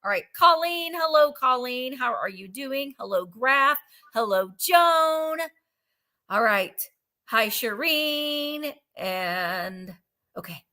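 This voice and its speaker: A woman hosting a live online vintage sale, her voice bright and a little high. She chats in a bubbly, upbeat way and greets her viewers by name as she goes. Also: lively intonation, slow. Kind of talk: live-stream sales chat.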